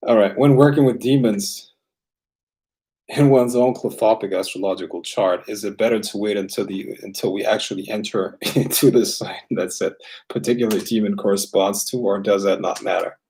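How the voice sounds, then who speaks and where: A man's voice: on the low side, fairly even intonation, moderate pace, dark tone. A man raised bilingual, hosting a casual livestream and answering viewer questions in a loose, rambling way full of fillers and restarts.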